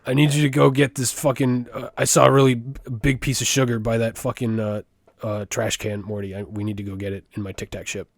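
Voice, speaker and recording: A man's voice: medium pitch, level tone, brisk, gravelly, no echo. A man putting on a stammering, slurred impression of a mad-scientist male ant. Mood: rambling.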